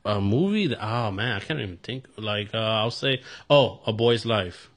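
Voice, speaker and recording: A man's voice: on the low side, expressive, normal speed. A man co-hosting a casual podcast, speaking hesitantly and searching for words. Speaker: podcast co-host. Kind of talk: casual chat among friends.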